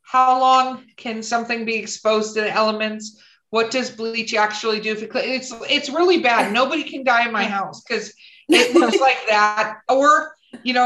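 A woman chatting casually on a podcast with dark humor, laughing often. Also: a little high. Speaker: podcast guest author. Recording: roomy echo.

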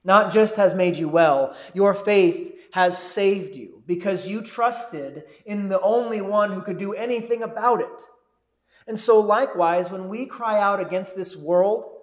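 A man preaches a sermon in a high, unhurried voice. His delivery is earnest and deliberate, building to fervent cries. The sound rings with the echo of a church room. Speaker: pastor.

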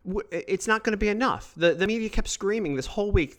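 Man, political commentary, emphatic, lively pitch, mocking asides. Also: quick pace. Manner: emphatic, animated, mocking quoted voices. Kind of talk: opinionated solo commentary.

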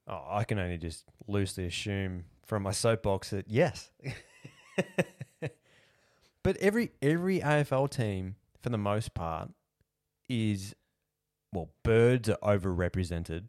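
Deep-voiced, blunt Australian co-host. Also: male voice, unhurried, long pauses, darkish tone, dry recording, clean studio sound. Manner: laid-back and blunt, swears casually. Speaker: podcast co-host. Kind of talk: casual chat.

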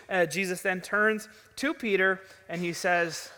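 High-voiced preacher man telling the story casual-like, long church echo. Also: steady tone, a little slow, hardly any pauses, pushed and bright. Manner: conversational, storytelling, emphatic. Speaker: pastor. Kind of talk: sermon. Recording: long reverb of a large hall.

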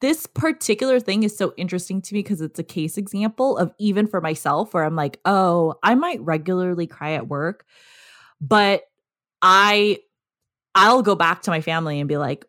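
A woman's voice: lowish voice, normal speed, fairly bright tone, no echo, clean studio sound. A woman talking candidly in a casual conversation, laughing often and getting tearful.

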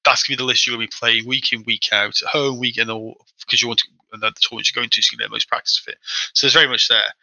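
A man telling a story at a brisk clip in casual chat. His voice is very bright and forward, and he slips into the voices of the people he quotes. The sound is dry and close. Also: mid-range voice, creaky, no room sound, low-quality recording. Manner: fast, animated anecdote-telling with acted-out quotes. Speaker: podcast guest.

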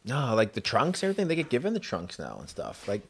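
A man's voice: medium pitch, wildly swooping pitch, vocal fry, breathy edge. A man co-hosting a podcast in casual chat, chiming in with short remarks. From Canada. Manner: quick interjections and laughs. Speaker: podcast co-host.

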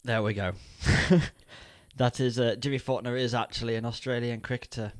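A man's voice: medium pitch, steady tone, normal speed, no room sound, clean studio sound. A man hosting a casual podcast, with jokey, teasing introductions. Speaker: podcast host.

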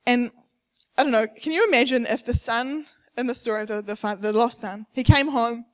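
A woman's voice: a little high, moderate pace. A young adult woman preaching a sermon at a church service, emphatic and repetitive, acting out the people she quotes.

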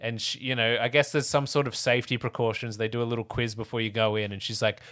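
A man's voice: mid-range voice, level tone, fast talker, a bit bright. A man in casual podcast chat, retelling film scenes and slipping into comic voices.

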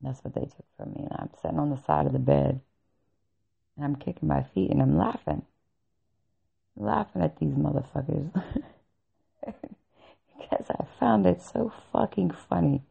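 A woman's voice: deep voice, moderate pace, gravelly, pauses often, breathy edge. A woman vlogger telling a personal story in a blunt, heavily profane way, often breaking into laughter. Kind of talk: casual personal storytelling rant. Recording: dull lo-fi recording.

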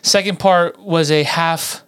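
A man co-hosts a sports podcast in loose, rambling chat full of fillers and restarts. His voice sits a little high and comes through smooth and clear. The sound is dry and close. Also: fairly even intonation, slow pace, a bit bright, no echo. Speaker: podcast co-host. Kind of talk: casual chat.

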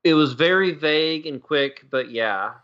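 A man co-hosting a casual podcast, quick and opinionated, laughing often. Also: a little high, a bit bright. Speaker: podcast co-host. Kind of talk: casual chat. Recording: slightly dull, lo-fi sound.

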